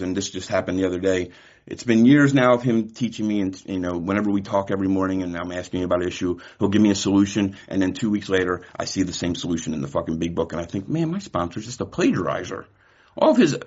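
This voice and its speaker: A man from California giving a candid, profane personal share at a recovery meeting, telling stories with quoted dialogue. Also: deep voice. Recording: muffled lo-fi recording.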